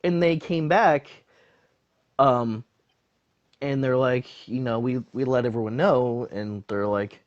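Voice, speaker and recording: Man guest, mid pitch, casual rambling storyteller, lots of fillers. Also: slow pace, long pauses, dull audio. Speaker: podcast guest.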